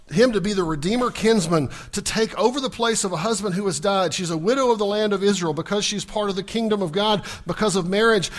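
A man with a high voice preaches to his congregation. He keeps asking the listeners questions and plays the scripture characters' lines himself. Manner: animated, asks the congregation questions, acts out scripture dialogue. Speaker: pastor. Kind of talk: sermon.

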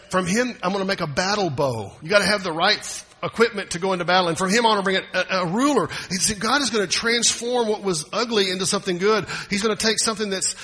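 A man's voice: high voice, animated, a little fast, sharp tone, husky, in a large hall. A man preaching a sermon as pastor, folksy and often asking the congregation questions.

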